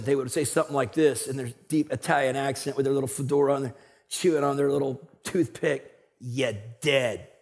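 A male pastor preaching a sermon in a conversational, animated way, swinging between loud emphasis and quiet asides. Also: fairly high pitch.

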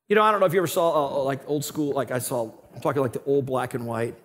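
A male pastor delivers a sermon in a conversational, animated style, moving between loud emphasis and quiet asides. His voice is medium in pitch and he speaks fast.

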